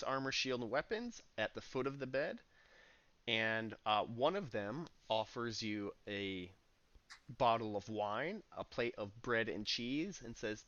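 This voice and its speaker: A man's voice: medium pitch, fairly bright tone, highs cut off. A man running a tabletop game as game master, narrating scenes casually with frequent hesitations. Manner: casual, hesitant with many "uh"s, laughs easily.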